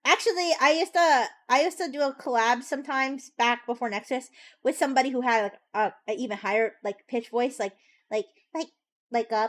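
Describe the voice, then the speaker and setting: A young woman chatting casually on a live stream as a VTuber, teasing her chat and laughing between quick asides. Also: on the high side.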